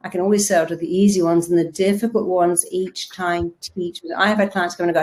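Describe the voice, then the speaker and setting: A woman's voice: on the low side, little pitch movement, fairly quick, hardly any pauses, a little mellow. A middle-aged woman hypnotherapist giving a motivational talk, telling stories emphatically and acting out what people say. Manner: emphatic storytelling, acting out quotes.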